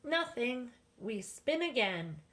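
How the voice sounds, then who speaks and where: A woman reading aloud and voicing an elderly grandmother in a storybook, lifting into a higher, eager character voice. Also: big pitch swings, slow, a bit bright, full character voice. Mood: matter-of-fact. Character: spry elderly grandmother playing a game.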